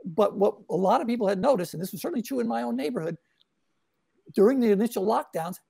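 A man talks through his cartoons in a relaxed interview, stopping and restarting often. His voice is gravelly and a little husky, recorded dry and close. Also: high voice, quick pace, dry recording. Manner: hesitant, many fillers and restarts. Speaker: editorial cartoonist guest. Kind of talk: casual interview chat.

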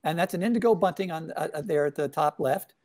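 A man's voice: fairly high pitch, quick pace, a little mellow, dry recording, clean studio sound. A man, a cartoonist guest chatting in an interview, hesitant with many fillers and restarts. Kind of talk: casual interview chat.

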